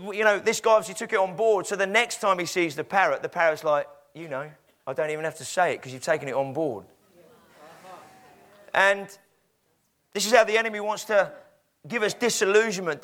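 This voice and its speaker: A man's voice: high-pitched, fairly bright tone. A man preaching a sermon in a conversational, storytelling way with frequent fillers.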